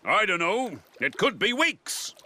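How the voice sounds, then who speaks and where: Cartoon dog sea captain, jolly and blustery, bright very lively voice, slow delivery. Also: male voice, high-pitched, full character voice. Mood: hearty. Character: hearty, adventurous male dog sea captain.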